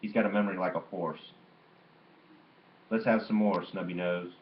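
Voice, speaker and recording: Hoarse, ailing old grandfather, loud and gruff with a teasing streak, read by a man; low voice, roomy muffled recording. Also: fairly even intonation, normal speed, lightly acted. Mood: gruff praise. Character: hoarse, quick-tempered sick old grandfather.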